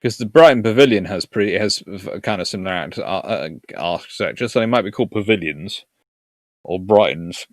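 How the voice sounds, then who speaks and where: A man's voice: low voice, brisk, no echo, studio quality. A man from Surrey with a southern English accent, hosting a history live stream and chatting casually through viewer comments. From Surrey, England. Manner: rambling, chatty, chuckling.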